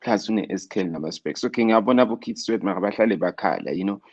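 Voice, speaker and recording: Man, South African accent, very low voice, muffled lo-fi audio, rambling and reflective. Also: quick pace, slightly rough. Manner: reflective, rambling with many fillers. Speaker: guest. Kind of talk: casual interview conversation. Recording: muffled lo-fi sound.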